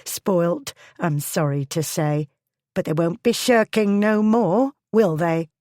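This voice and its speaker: A scheming aunt waves off worries in a brisk, dismissive, rough-spoken voice, as a woman narrator puts her on. The voice sits fairly low and mellow in a dry, close recording. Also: no room sound. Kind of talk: audiobook character voice.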